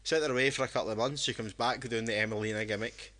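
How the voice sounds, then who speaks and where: A man's voice: mid-range voice, fairly even intonation, fast, bright, forceful tone. A drunk man, co-hosting a casual podcast chat and rambling with many restarts. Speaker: podcast co-host.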